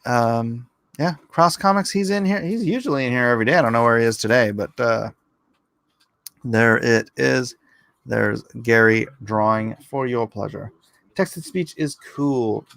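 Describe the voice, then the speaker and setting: A man's voice: mid-range voice, moderate pace, vocal fry, fairly bright tone, dry recording. A man hosting a livestream in a casual, rambling, jokey way, reading chat comments aloud and answering them. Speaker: livestream host.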